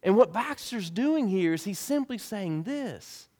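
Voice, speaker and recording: A man preaching a sermon as pastor, with emphatic delivery that rises and drops sharply in pitch and volume. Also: expressive, a little slow, a little mellow, big-room sound.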